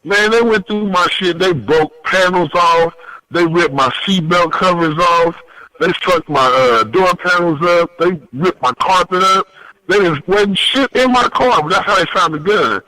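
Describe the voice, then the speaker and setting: A man as a podcast guest telling a story in a lively, profane way, with big pitch swings when he quotes people. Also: unhurried, no room sound, low-quality recording. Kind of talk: animated storytelling.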